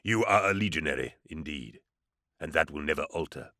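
A man voicing an ancient, solemn male psyker regent who speaks slowly and gravely in an audiobook. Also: a bass voice, expressive, pushed and bright, dry recording, clean studio sound, pitched below the performer's own voice, exaggerated voice. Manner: slow, grave, intoning. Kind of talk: audiobook character voice.

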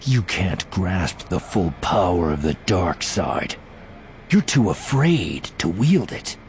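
A man voicing a contemptuous male fallen Jedi master turned Sith, speaking in a cold, low, sneering voice. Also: big pitch swings, slow pace, a little hiss or hum, full character voice.

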